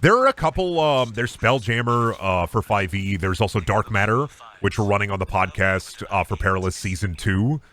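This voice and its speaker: A man's voice: fairly low pitch, moderate pace, a bit bright. A man streaming a game, chatting casually in a rambling, silly, self-deprecating way. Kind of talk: casual chat while gaming.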